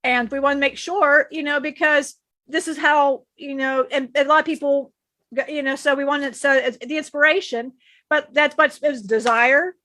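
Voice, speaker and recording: A woman's voice: sits high, fairly even intonation, moderate pace, bright, forceful tone, dry recording. A woman channeling an ancient male divine being, giving an emphatic spiritual teaching with many repeats and restarts. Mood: earnest.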